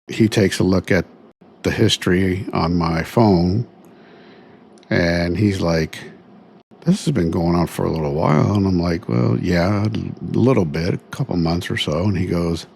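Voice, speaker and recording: Slow, gravelly man telling a story. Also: low voice, a little mellow, a little hiss or hum. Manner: rambling, many fillers, retells dialogue. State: tired, sore after surgery. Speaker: podcast host. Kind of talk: casual first-person storytelling.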